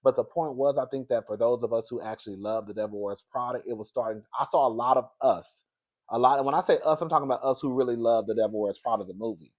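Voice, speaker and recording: He talks fast, hosting a lively pop culture gossip vlog and calling viewers "girl" and "baby." Whenever something thrills him, his voice jumps high and breaks into laughter.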